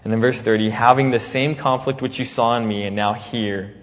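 Animated preacher man in an echoey hall. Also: mid-range voice, fairly quick, dull audio. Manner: animated, acts out the apostle's words with sudden loud jumps; laughs easily, conversational preaching. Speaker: pastor. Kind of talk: sermon.

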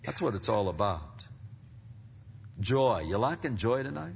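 A man preaching a sermon as pastor, animated and swinging from quiet asides to loud climaxes. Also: mid-range voice, normal speed, creaky, a little hiss or hum. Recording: long reverb, dull lo-fi sound.

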